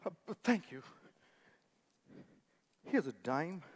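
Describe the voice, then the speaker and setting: A man acting and singing as a theatrical, excitable young professor in a stage musical, recorded in a reverberant hall with music. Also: fairly high pitch, takes it slowly. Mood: flustered. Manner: theatrical, exaggerated stage delivery. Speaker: stage actor.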